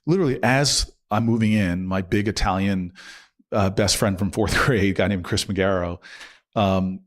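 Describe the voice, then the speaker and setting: Interview guest: man in his forties, fairly low voice, casual and lively storytelling with laughter. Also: normal speed. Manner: animated storyteller, laughs often, restarts sentences.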